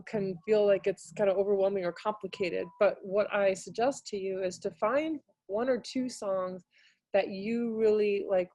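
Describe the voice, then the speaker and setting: A woman's voice: mellow, no echo. A woman giving a casual, filler-heavy webinar talk on a video call. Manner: casual and hesitant, many fillers, bursts into high singing demonstrations. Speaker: music teaching artist presenter.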